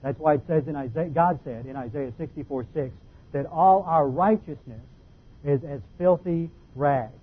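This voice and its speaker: A man's voice: on the high side, normal speed, husky. A man giving an expository Bible lesson, explaining word meanings methodically and stressing key points. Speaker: Bible teacher. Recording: tinny phone-like sound.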